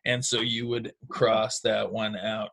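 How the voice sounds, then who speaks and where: A man's voice: lowish voice, level tone, slow, creaky, a bit bright. Patient male teacher explaining phonics. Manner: patient, encouraging, explains step by step. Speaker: second grade teacher. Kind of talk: recorded remote phonics lesson.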